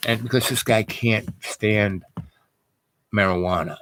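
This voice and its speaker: A man's voice: lowish voice, unhurried. A man telling a casual personal story in a rambling, digressive way, full of fillers and restarts.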